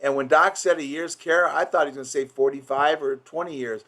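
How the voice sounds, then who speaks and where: A man's voice: fairly high pitch, fairly even intonation, brisk, a bit bright, slight background noise. A man coaching office staff in an informal training session. He rambles with restarts and acts out patient quotes.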